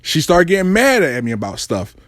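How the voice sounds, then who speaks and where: A man telling a story in casual storytime style, profane and animated with street slang. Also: fairly high pitch, brisk, dry recording, studio quality.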